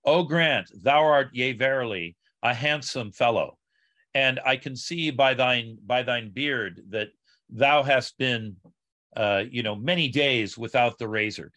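A playful mock-archaic gentleman, all flowery old-fashioned phrasing, as a man puts him on. The voice is bright and forward. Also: medium pitch, unhurried.

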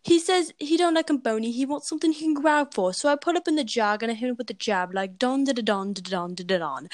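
A woman's voice: fairly high pitch, quick pace, few pauses, dry recording, studio quality. A young woman co-hosting a casual comedy podcast who jokes, giggles and sings loose, off-key snatches of songs. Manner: giggly, self-deprecating, sings loosely from lyrics. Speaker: podcast co-host.

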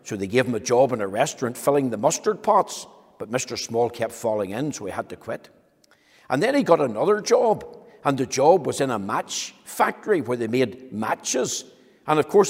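A man's voice: mid-range voice, breathy edge. Man telling children a story in a hall. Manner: slow, gentle storytelling. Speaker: children's talk presenter. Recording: echoey hall with long reverb.

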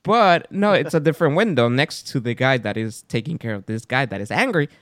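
A man hosting a podcast in casual chat, telling a story with lively acted-out quotes. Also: fairly quick, no echo, studio quality. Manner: animated storyteller, acts out quotes with big pitch jumps. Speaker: podcast host.

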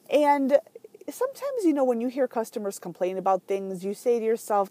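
A woman hosting a podcast, telling a story in a chatty, animated way with lots of fillers. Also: on the high side, normal speed, dry recording. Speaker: podcast host. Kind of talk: casual podcast monologue.

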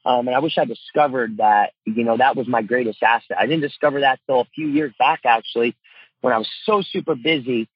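Speaking a little fast at medium pitch with a breathy edge, a middle-aged father and coach opens up earnestly in a casual interview. His heartfelt talk is packed with "you know" and "man," and the recording is dry and dull.

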